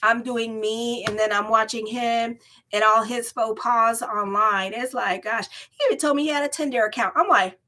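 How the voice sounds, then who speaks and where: Chatty woman reading horoscopes, slightly high voice. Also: normal speed. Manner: rambling, candid, laughs often, lively asides. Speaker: astrologer reading tarot horoscopes. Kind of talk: casual chatty horoscope vlog.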